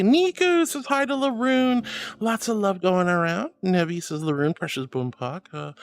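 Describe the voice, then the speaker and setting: A young woman streaming casually, reading chat aloud and calling viewers sweetie and darling, with frequent giggles in her talk. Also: lowish voice.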